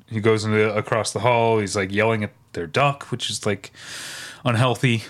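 A man's voice: lowish voice, fairly even intonation, measured pace, a bit bright, clear, resonant tone. A man co-hosting a podcast, chatting casually and recounting scenes with quoted lines and frequent laughs. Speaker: podcast co-host. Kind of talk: casual chat recapping a sitcom.

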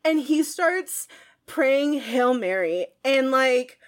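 This is a woman in her thirties chatting on a movie podcast. Her voice sits a little high, and she tells her story in an emotional, rambling way. She laughs often as she goes. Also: lively intonation, slow. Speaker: podcast co-host. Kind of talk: casual movie podcast chat.

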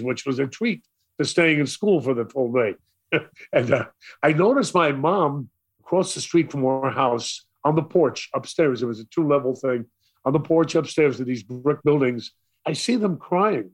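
Older Brooklyn man with a New York accent, slightly high voice, theatrical storyteller. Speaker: radio DJ guest. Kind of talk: storytelling interview.

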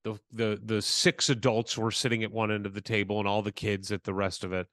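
A man's voice: fairly low pitch, fairly quick, dry recording, studio quality. A man co-hosting a podcast, telling a story in casual chat and acting out the voices he quotes. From Southern California. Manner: animated, acts out quoted voices. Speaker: podcast co-host.

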